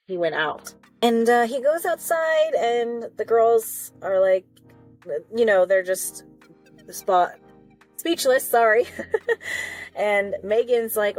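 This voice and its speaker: A woman's voice: a little high, expressive, slow, soft background music. A woman hosting a reaction video, recapping an episode in a chatty, rambling way with little asides and apologies. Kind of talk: casual recap and commentary.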